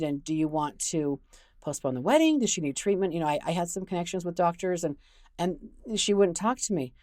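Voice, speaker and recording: Woman host, lowish voice, candid conversational advice talk, dry close sound. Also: dark tone, no echo. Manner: frank and conversational. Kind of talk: casual advice talk with storytelling.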